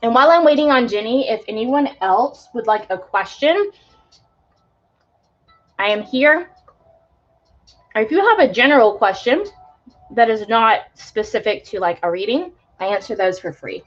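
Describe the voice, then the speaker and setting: A woman's voice: fairly high pitch, expressive, normal speed, long pauses, faint music behind. Chatty young woman reading tarot on a dull stream. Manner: chatty, many fillers, spiritual talk. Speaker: tarot reader.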